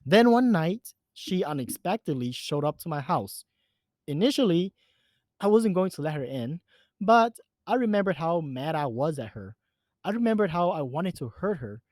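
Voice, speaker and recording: A man's voice: fairly high pitch, big pitch swings, moderate pace, darkish tone, dry recording. Male horror-story narrator, earnest and emphatic, dry close recording.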